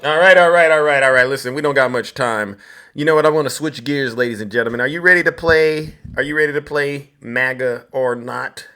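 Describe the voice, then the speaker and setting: A man's voice: medium pitch, fairly quick, bright, forceful tone, smooth. A man hosting a live stream, giving mocking, theatrical commentary and talking straight to his chat.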